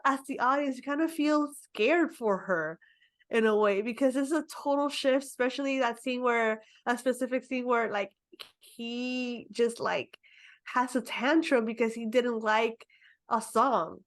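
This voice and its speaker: A woman's voice: fairly high pitch, a little slow. A young woman co-hosting a film review podcast, talking casually with many fillers and giggles. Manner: chatty, lots of "like" and "you know", giggles. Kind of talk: casual movie review chat.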